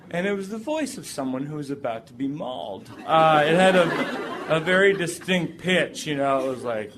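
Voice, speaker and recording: A man performing a comic personal story for an audience, jumping into high voices when he quotes people. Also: expressive, moderate pace, noisy background.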